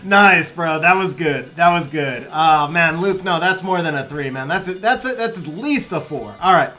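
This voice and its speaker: A man's voice: on the high side, lively intonation, normal speed, bright, forceful tone. A young adult man streaming a game live, reading out chat messages in a laid-back way, chuckling often and calling viewers bro.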